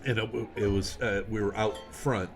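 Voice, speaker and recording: A man's voice: on the low side, fairly even intonation, normal speed, over music. A man co-hosting a podcast in casual chat, agreeing with his co-host and repeating words as he searches for what to say. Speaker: podcast co-host, festival performer.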